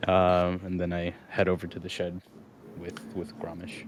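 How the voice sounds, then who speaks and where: A man's voice: low-pitched, completely flat delivery, normal speed, a little hiss or hum. A man at a tabletop game, describing his character's action unhurriedly. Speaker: player.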